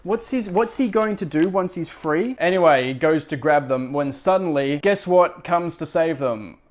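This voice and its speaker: A man's voice: fairly high pitch, lively intonation, moderate pace. A man hosting a podcast, recapping a book in a casual, rambling way, full of fillers and wry asides. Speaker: podcast host.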